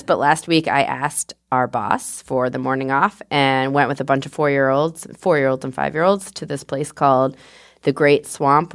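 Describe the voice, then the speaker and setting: Woman, podcaster, low voice, quick animated storytelling, archive clip. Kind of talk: storytelling from an earlier episode.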